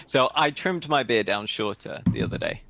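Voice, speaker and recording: A man's voice: medium pitch, lively intonation, normal speed, noisy background. A man playing in a tabletop game, chatting casually with dry, teasing banter. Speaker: player.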